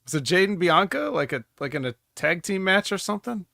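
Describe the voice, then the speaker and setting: A man's voice: high voice, expressive, brisk, vocal fry, bright, forceful tone, dry recording. A man co-hosting a casual wrestling review show, dropping dry, joking asides. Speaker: podcast co-host.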